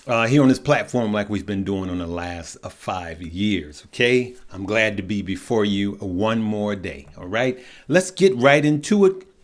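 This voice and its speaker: A man hosting a casual stock market show, upbeat and chatty, drawling "y'all" and "good people" at his viewers. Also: fairly low pitch. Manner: upbeat, chatty, laughs at the news.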